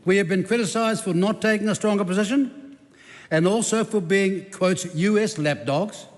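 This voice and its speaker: A man's voice: high voice, moderate pace. A man giving a combative, sarcastic parliamentary debate speech as a government minister. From New Zealand. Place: large parliamentary debating chamber. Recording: echoey debating chamber.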